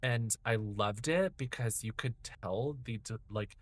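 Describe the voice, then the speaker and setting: A man's voice: mid-range voice, a little slow. A man in his thirties talks through a horror game on stream. He rambles from one memory to the next, drops swears freely, and chats straight to his viewers in a loose, casual way. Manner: chatty, rambling, profane, chatting to viewers. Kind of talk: casual gameplay commentary.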